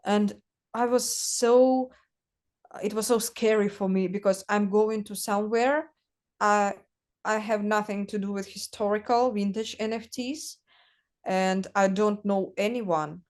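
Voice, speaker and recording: Woman telling stories haltingly. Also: mid-range voice, steady tone, darkish tone. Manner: halting, searching for words, many fillers. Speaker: guest artist. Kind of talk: casual conversational storytelling.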